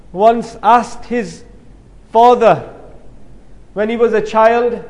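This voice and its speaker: High-voiced preacher in an echoing hall. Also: male voice, a little mellow. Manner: storytelling with rising emphasis. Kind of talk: sermon. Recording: long hall reverb.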